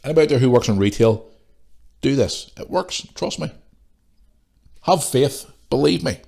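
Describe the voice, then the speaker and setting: A man's voice: mid-range voice, expressive, moderate pace, creaky, mellow. A man hosting a podcast, ranting bluntly and swearing freely while he has a cold. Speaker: podcast host. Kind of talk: casual ranting monologue.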